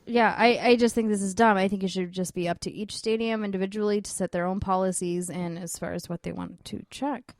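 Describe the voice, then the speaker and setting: A woman co-hosting a casual sports talk podcast, blunt and quick to laugh, swearing freely. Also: medium pitch, steady tone, no room sound, clean studio sound. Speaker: podcast co-host.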